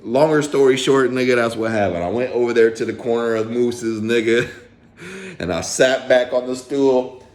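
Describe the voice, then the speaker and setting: A man's voice: medium pitch, normal speed, darkish tone, echoey room. A man telling a story to camera in a casual, slangy, profane way, with lots of swearing. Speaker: storyteller vlogger.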